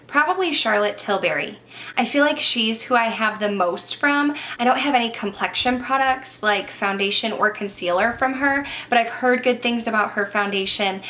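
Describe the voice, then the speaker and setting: A woman's voice: medium pitch, a bit bright, slight background noise. A young adult woman chatting through a makeup Q&A, telling stories with lots of fillers. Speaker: beauty vlogger and former teacher. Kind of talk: chatty get-ready-with-me Q&A.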